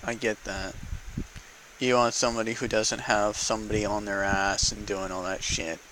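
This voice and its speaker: Bright-voiced man ranting heatedly. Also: on the low side, flat delivery, normal speed, slight background noise, rough recording. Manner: heated, profane, repeats for emphasis. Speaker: vlogger. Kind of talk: unedited political rant to camera.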